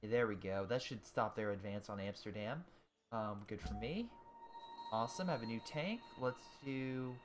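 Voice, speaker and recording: A man's voice: lowish voice, normal speed, over music. Chatty man narrating his strategy game. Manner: chatty, thinks aloud, many fillers and restarts; cheers and groans at the game. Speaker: gaming video host. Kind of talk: casual let's-play commentary. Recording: steady audible background noise.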